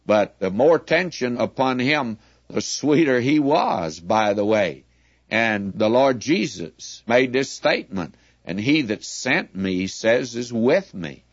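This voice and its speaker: Male Bible teacher, unhurried and emphatic; muffled, dry lo-fi recording. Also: mid-range voice, dry recording. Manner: deliberate, emphatic, asks listeners questions.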